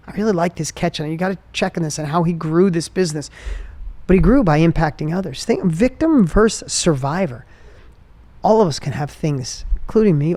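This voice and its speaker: A man hosting a podcast, telling a personal motivational story with energy, his voice dropping low and soft when he turns emotional. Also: no room sound. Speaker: podcast host.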